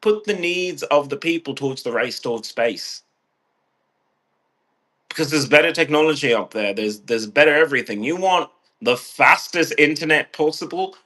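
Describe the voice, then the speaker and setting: A man's voice: on the high side, expressive, normal speed, bright, forceful tone. A man with a stuffed-up nose, rambling and ranting in a casual vlog, swearing freely and restarting his phrases. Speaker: vlogger.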